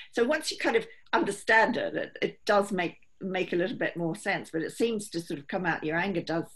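A woman's voice: fairly low pitch, expressive, a little fast, fairly bright tone, breathy edge. A middle-aged woman, a holistic therapist, explaining earnestly and steadily in an interview, often voicing what her clients think.

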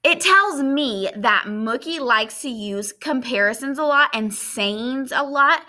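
A woman teacher with a Southern accent reads a novel aloud to her class and stops to explain it. She asks the students questions and explains patiently. Her voice sits fairly high, sounds bright and moves a lot in pitch. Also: lively intonation, takes it slowly.

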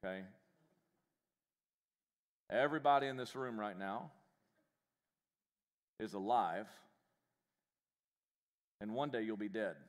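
A man preaching a live sermon as pastor in a church, animated and joking, with self-deprecating humor. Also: lowish voice, slow pace, pauses often, long reverb tail. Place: church sanctuary.

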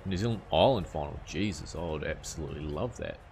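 A man's voice: extremely low pitch, expressive, fast, creaky, darkish tone, a little hiss or hum. A young man chatting casually to viewers on a live game stream, easygoing and full of questions. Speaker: gaming streamer.

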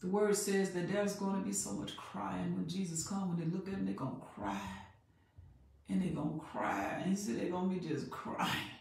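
A woman preaching a sermon in an emphatic, repetitive way that builds in loudness. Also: fairly low pitch, normal speed, vocal fry. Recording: very echoey room, voice far from mic.

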